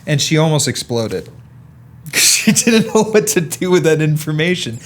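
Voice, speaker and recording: A young adult man hosting a podcast interview, telling anecdotes in an animated, casual way. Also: fairly high pitch, moderate pace. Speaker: podcast host.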